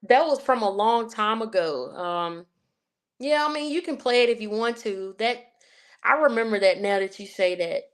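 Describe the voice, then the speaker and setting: A woman's voice: fairly high pitch, moderate pace. A woman from Southern Virginia with her local accent, a guest telling stories at length in a casual interview, with many fillers. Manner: chatty storyteller, many fillers like "you know". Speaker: guest, sports writer and podcast host.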